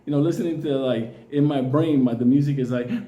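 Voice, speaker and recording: A man's voice: medium pitch, a little fast, dark tone, reverberant, lo-fi sound. A Puerto Rican man telling a long personal story in a casual, profane way, often laughing.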